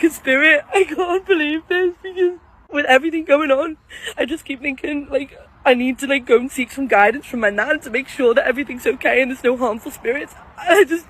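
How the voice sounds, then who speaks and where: Speaking fairly quickly in a voice that sits high, a woman records a rough phone-camera vlog outside by a grave. She's breathless, in tears and trembling as she speaks directly to her viewers about what just happened.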